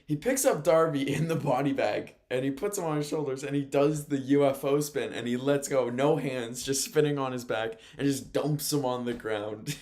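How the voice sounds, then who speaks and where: At a moderate pace, a man with a medium-pitched, darkish voice gives a casual sports talk recap. He works in radio and play-by-play, and he rambles, corrects himself and chuckles frequently.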